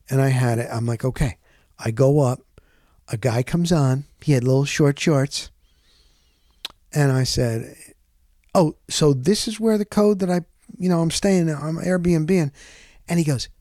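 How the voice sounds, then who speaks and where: A man telling a casual story in an animated way, dropping sound words as he goes. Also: medium pitch, dry recording, studio quality.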